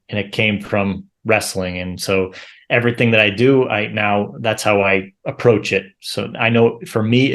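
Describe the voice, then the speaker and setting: Male guest, lowish voice, reflective and conversational. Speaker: English teacher, guest. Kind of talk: casual conversation.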